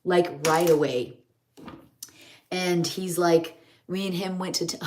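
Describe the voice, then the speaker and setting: A woman's voice: on the low side, fairly even intonation, takes it slowly, pauses often, a little mellow, slight background noise. A middle-aged woman chats in a rambling, homey way while doing her makeup on a live stream. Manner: rambling, homey, chatty storytelling.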